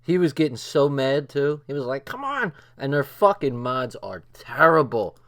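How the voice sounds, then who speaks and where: Older male streamer, excitable and profane, mid-pitched, laughs through his lines. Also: moderate pace. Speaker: livestream host. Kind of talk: late-night livestream commentary.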